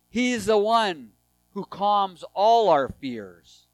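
A man preaching a sermon, reading scripture aloud, swinging between raised emphasis and hushed, tender lines. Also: high-pitched, expressive, slow, dry recording, faint music behind, poor audio.

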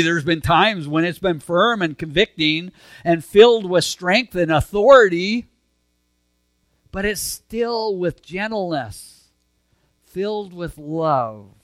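A man preaching a sermon, earnest and conversational, swinging between emphatic lines and soft, hushed ones. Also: a little high, no room sound. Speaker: pastor.

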